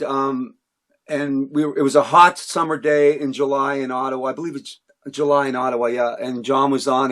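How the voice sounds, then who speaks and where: A middle-aged Cape Breton man, a musician appearing as a guest in a casual interview, tells rambling stories and keeps interrupting himself. His voice is slightly high with a fairly bright tone.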